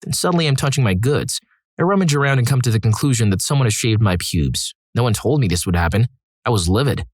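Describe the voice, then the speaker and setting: A man reading out a string of short stories with a wry, dry sense of humor. His voice sits in an ordinary middle pitch, and the recording is close and dry with no room sound. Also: expressive, fast, no echo. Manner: dry, wry asides between read stories. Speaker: story narrator. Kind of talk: scripted storytelling narration.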